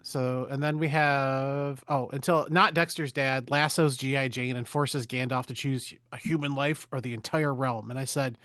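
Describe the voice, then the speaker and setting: A man's voice: medium pitch, fairly even intonation, moderate pace, hardly any pauses, a bit bright, no room sound, studio quality. A man hosting a podcast, giving a casual, crude, joking recap of a movie plot.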